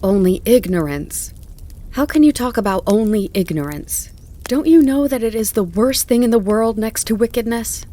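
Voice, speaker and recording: A woman's voice: lowish voice, natural voice. A woman reading as an earnest male groom. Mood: indignant. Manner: soft and slow, then loudly indignant. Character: kind earnest male groom, working man. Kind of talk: audiobook reading. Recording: faint crackling campfire behind.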